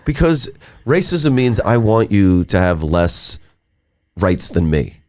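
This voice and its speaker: A low-voiced man co-hosting a podcast, his pitch swinging widely as he jokes. He talks in brash, mocking banter and slips into silly put-on voices. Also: big pitch swings, slow pace, darkish tone. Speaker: podcast co-host. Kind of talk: casual banter.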